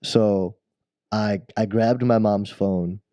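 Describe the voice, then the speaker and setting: A man with a low, mellow voice tells a long, rambling childhood story in casual podcast chat. He restarts his sentences often and laughs at his own tale. The recording is close and dry. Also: steady tone, slow, no echo. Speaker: podcast co-host.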